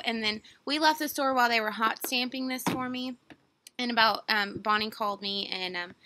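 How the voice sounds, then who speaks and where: A woman's voice: fairly high pitch, noisy background. A young woman, rambling through a casual unboxing story full of fillers and quoted dialogue. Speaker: vlogger.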